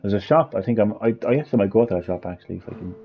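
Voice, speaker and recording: A gaming video host with a lowish, animated voice delivers rapid-fire let's-play commentary that's casual, rambling and blunt as he thinks aloud. The lo-fi recording has game music in the background.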